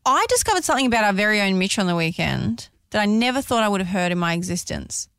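A woman's voice: mid-range voice, big pitch swings, quick pace, a bit bright, dry recording, studio quality. A woman co-hosting a radio show, telling a story with dramatic flair. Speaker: radio co-host. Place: radio studio.

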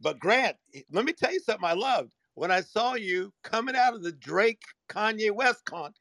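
A man's voice: high-pitched, animated, moderate pace, pushed and bright, dry recording, studio quality. A man chatting in an online audio room, enthusiastic and full of praise for the others.

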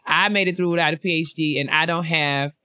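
A woman co-hosting a casual podcast, reading listener emails aloud with lots of laughter and sudden jumps in pitch when she gets excited. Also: fast talker, clean tone, no echo, clean studio sound. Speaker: podcast co-host.

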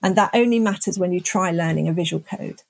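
A woman's voice: lowish voice, brisk, vocal fry, no echo. An older woman, a scientist guest, explaining her research thoughtfully in an interview. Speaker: neuroscientist guest.

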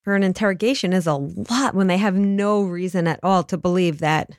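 Woman co-host, lowish voice, calm and reasoned, dry close recording. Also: no room sound. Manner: measured, frequent affirming interjections. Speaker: podcast co-host. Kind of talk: conversational podcast discussion.

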